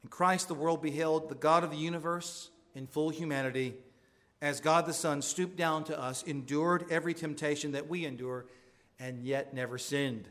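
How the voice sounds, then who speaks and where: A man's voice: fairly high pitch, fairly even intonation, moderate pace, a bit bright. A male pastor preaching a sermon with earnest emphasis, his voice rising on pointed questions.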